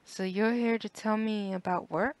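Brief: a woman doing a confused gruff old workman, blunt questions, plain storybook voice. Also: medium pitch, fairly even intonation, moderate pace, darkish tone, dry recording, close to an everyday voice. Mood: puzzled. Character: puzzled, gruff old maintenance man.

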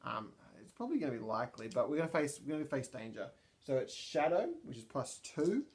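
A man's voice: medium pitch, sing-song, quick pace, darkish tone. A man narrating a solo tabletop game, thinking aloud with many ums and restarts. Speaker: storyteller and player.

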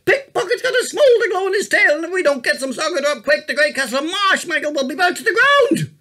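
A man's voice: very high-pitched, huge pitch swings, normal speed, bright, forceful tone, full character voice. A man voicing an eager young grandson in a picture book, talking in an urgent rush. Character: excited little grandson, breathless and eager.

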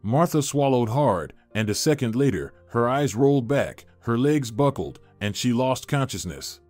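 Lively man narrating a story. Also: medium pitch, moderate pace. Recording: dry studio voice-over with faint music.

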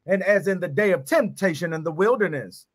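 A man reading King James verses aloud with measured emphasis during a Bible discussion. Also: high-pitched, lively intonation. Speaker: scripture reader in a Bible discussion.

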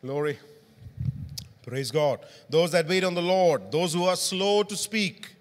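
Pastor preaching. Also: male voice, fairly high pitch, expressive, takes it slowly. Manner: interactive, asks the congregation questions. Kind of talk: sermon. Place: church hall. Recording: long hall reverb.

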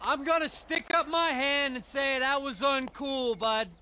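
A smarmy, laid-back male tennis coach in a video game, speaking in a bright, high voice with an easy bro drawl. Faint game noise runs underneath. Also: steady tone, a little slow, exaggerated voice. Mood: breezy. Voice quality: easygoing surfer-bro drawl.

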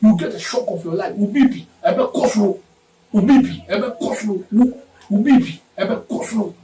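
High-voiced Ghanaian man ranting combatively. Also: normal speed, dark tone, a little hiss or hum. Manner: combative, repeats lines, switches between Twi and English. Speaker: political commentator. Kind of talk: heated political rant. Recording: roomy sound, distant from mic.

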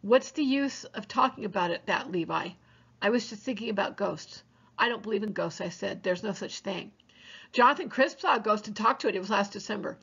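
A woman, a teacher, reading a novel aloud for her students in a plain, unhurried way, with small slips she corrects. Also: mid-range voice, animated, vocal fry, fairly bright tone, husky, highs cut off.

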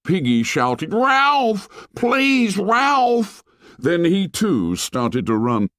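A man narrating a novel as an audiobook, reading dramatically and sinking low and soft on grim lines. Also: no room sound, clean studio sound.

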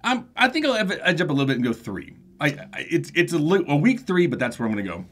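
A man hosting a film review show, giving his take in casual back-and-forth chat. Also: on the high side. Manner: animated, quick, lively delivery.

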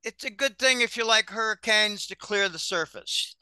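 A male guest giving deliberate, ominous financial warnings in an interview, with some restarts. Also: high-pitched, pushed and bright, clear, resonant tone, no room sound. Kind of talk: interview answers.

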